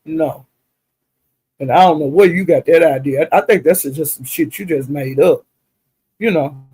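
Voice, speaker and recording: A man's voice: fairly high pitch, normal speed, darkish tone, husky, poor audio. A man talking casually to a livestream chat, gossiping in a drawling, chatty way and speaking to viewers directly. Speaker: commentator recapping livestream drama.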